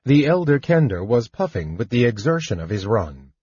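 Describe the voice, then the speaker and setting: A man narrating an audiobook in a slow, expressive reading. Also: mid-range voice, husky, no room sound, highs cut off. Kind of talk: scripted narration.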